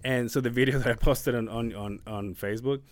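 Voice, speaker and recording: A man co-hosting a podcast, telling a story casually in halting bursts with restarts and swearing, emotional as he talks. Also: mid-range voice, fairly even intonation, dry recording. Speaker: podcast co-host.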